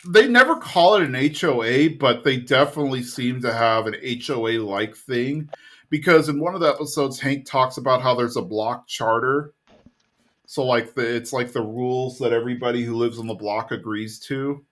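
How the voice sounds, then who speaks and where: A man's voice: medium pitch, fairly bright tone. Man casually recapping a cartoon episode. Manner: rambling retelling with quick voice impressions. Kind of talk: casual chat.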